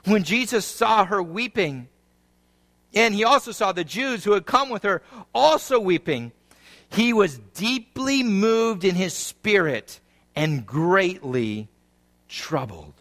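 A man's voice: sits high, expressive, slow, a bit bright. A man preaching a sermon, reading scripture aloud and explaining it with rising and falling intensity. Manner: reads scripture, then explains it. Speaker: pastor.

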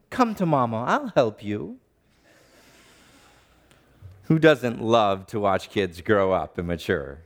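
A man in his thirties preaching a sermon in a church, reading scripture and teaching with deliberate, emphatic rises. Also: fairly high pitch. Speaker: pastor. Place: church sanctuary.

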